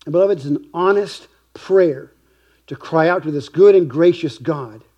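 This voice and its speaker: A man preaching a sermon as pastor, earnest, slowing down to stress key phrases and sometimes dropping to a hush. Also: fairly high pitch, slightly rough, dull audio. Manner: earnest preaching, slow emphatic stresses, softening to a hush at times.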